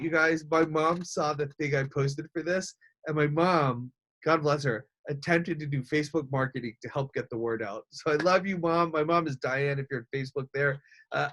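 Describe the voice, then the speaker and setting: A man presents a live webinar from a home office, using his computer mic on a video call. His voice sits a little high. He is energetic and upbeat as he coaches his viewers directly. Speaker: speaking coach hosting a webinar.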